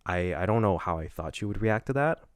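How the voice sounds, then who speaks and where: A young man co-hosting a podcast, telling a personal story in a casual, halting way with many restarts. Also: deep voice, lively intonation, clean tone, no room sound. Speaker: podcast co-host. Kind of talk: casual chat.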